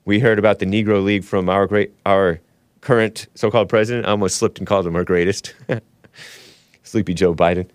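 A man's voice: fairly low pitch, steady tone, quick pace, clear, resonant tone, no echo. A man hosting a solo commentary stream, a little under the weather, talking in a rambling, sarcastic way with frequent asides. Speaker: talk show host.

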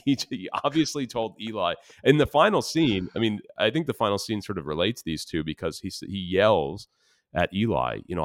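Man with a very low voice, podcast co-host, hesitant casual film talk, dry close mic. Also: sing-song, normal speed, dry recording. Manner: hesitant, restarts often, laughs when quoting.

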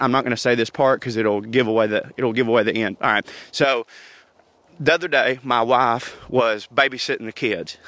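A man's voice: medium pitch, fairly bright tone, no room sound. A man, hosting a podcast and telling family stories in a chatty way, laughing often. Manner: chatty, laughs often, Southern turns of phrase like y'all. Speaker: podcast host. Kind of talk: casual storytelling monologue.

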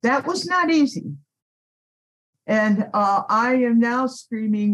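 Animated woman telling a story. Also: on the high side, takes it slowly, husky, dull audio. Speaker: activist guest. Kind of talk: storytelling interview.

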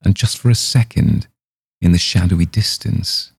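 Deep, gravelly man reading a story. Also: dry recording, clean studio sound. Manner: measured storytelling. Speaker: podcast host reading stories. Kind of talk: reading a short story aloud.

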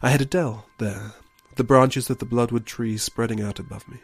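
A man's voice: mid-range voice, steady tone, normal speed, slightly rough, close to an everyday voice. A man voicing a cold, menacing mother bear queen. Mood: bitter reminiscing.

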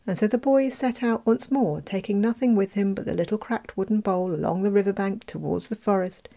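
A woman reading a fairy tale aloud, expressive, with playful asides. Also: mid-range voice, fairly quick, creaky. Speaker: storyteller.

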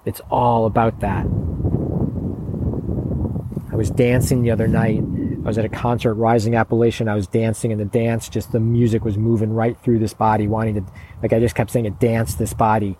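A man's voice: lowish voice, little pitch movement, a little fast, noisy background. A man coaching in a motivational monologue, blunt and profane, pressing his points with urgent, pleading emphasis. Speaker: men's coach.

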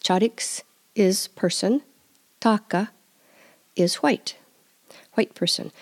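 A woman hosting a language lesson podcast, repeating words slowly and carefully for listeners to follow. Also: medium pitch, darkish tone. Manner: slow careful repetition of words. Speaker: language teacher and podcast host.

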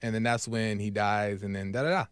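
A man hosting his own podcast, talking through a spiritual reflection in a loose, rambling way, full of fillers and "right?", sometimes dropping soft and low as he retells scenes. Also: fairly even intonation, fairly quick, smooth, dry recording, clean studio sound. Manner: conversational, rambling, frequent "right?" and "um". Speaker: podcast host. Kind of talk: casual spiritual monologue.

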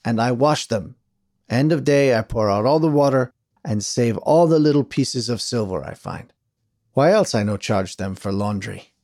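A man voicing a proud, dignified laundryman who speaks in clipped, halting broken English. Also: medium pitch, lively intonation, a little mellow, no echo, clean studio sound, natural voice. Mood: matter-of-fact.

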